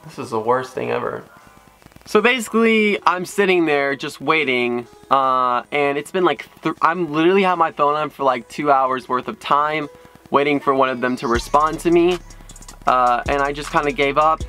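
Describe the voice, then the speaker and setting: A man with a fairly high, sharply bright voice, recounting a maddening ordeal in a storytime vlog. He talks in an excitable rant, with sudden leaps upward when exasperated. The tone is forceful and tense. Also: normal speed, smooth, soft background music, rough recording. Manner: excitable, frustrated retelling with sudden jumps in pitch. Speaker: YouTube creator.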